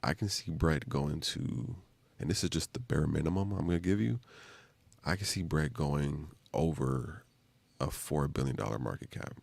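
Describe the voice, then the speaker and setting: A man with an extremely low, gravelly voice talks loosely on a live stream. He rambles in casual slang and leans on fillers as he goes. The gravel in his voice is strong throughout. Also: moderate pace, no room sound.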